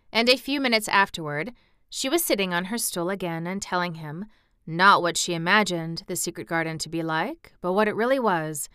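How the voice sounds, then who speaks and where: A woman hosting a read-aloud podcast, narrating a storybook in a gentle, measured way. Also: on the low side, clean tone, dry recording, clean studio sound. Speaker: audiobook podcast host.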